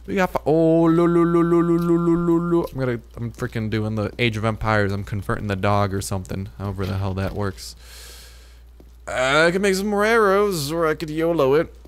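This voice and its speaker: A man giving casual let's-play commentary as a gaming video host, excitable and swearing, jumping into high-pitched yelps when startled. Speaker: gaming YouTuber.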